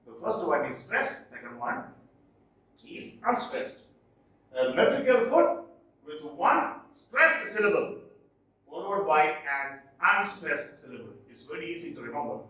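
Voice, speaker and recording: Slow, echoey lecturing man. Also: fairly high pitch, a bit bright. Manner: explains slowly, repeating terms and asking if it is clear. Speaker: English teacher. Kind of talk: recorded video lecture. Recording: echoey room, distant mic.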